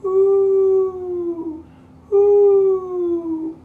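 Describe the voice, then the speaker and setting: A shrill, slow, moaning ghost woman, put on by a male storyteller, wailing from far off. Her cry climbs very high and stretches every word. The room echoes around a distant mic with a faint hiss. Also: flat delivery, narrow, tinny audio, heavily acted. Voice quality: high, drawn-out moaning wail.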